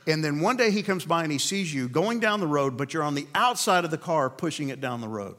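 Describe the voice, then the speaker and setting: A man preaching a sermon to a men's group, earnest and asking rhetorical questions, slowing down to land key points. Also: fairly high pitch, lively intonation, a bit bright.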